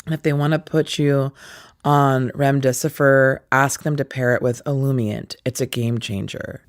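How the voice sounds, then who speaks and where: A woman in her forties intensely retelling a family story, with halting restarts and acted-out quoted dialogue. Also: rumbling low, fairly even intonation, dry recording, clean studio sound. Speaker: interviewee. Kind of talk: personal storytelling.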